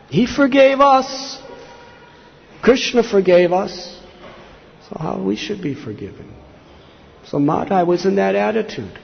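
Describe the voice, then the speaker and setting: A man preaching a devotional sermon with a gravelly, rough-edged voice. He tells scripture stories earnestly and lifts his voice when he acts out quoted lines. The recording is a little dull and lo-fi, with a faint hiss underneath. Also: high voice, big pitch swings, unhurried, long pauses. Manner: earnest storytelling, acting out quotes with rising intensity. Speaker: monk giving a scripture class.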